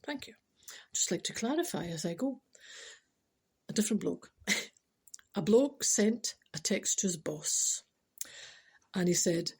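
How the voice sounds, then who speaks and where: Teasing Scottish woman podcaster, husky. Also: mid-range voice, animated, unhurried, pauses often, darkish tone. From Scotland. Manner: chatty, teasing, addresses listeners directly, drops to whispers. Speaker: podcast host. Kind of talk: chatty podcast monologue.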